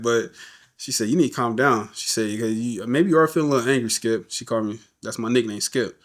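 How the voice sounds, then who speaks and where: Animated man telling a story. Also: mid-range voice, a little fast. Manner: animated, acts out quoted voices. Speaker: podcast guest. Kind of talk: casual storytelling interview.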